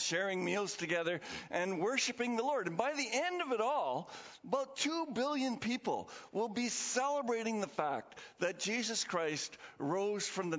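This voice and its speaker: A man preaching a sermon as pastor in a chatty, animated way, laughing often. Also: sits high. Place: church sanctuary. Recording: dull lo-fi sound in a reverberant hall.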